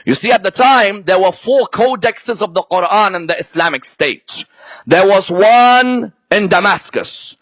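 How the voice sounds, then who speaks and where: A man's voice: high-pitched, expressive, measured pace, fairly bright tone, dry recording. A man giving a live religious history lecture who keeps checking in with his listeners through rhetorical questions. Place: lecture before a live audience.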